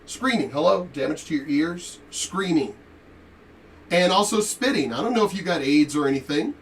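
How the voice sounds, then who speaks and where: A man telling a story in a profane, animated rant while commenting on a reaction video. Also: a little high, moderate pace, distant mic, slight background noise. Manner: animated, profane, laughing asides.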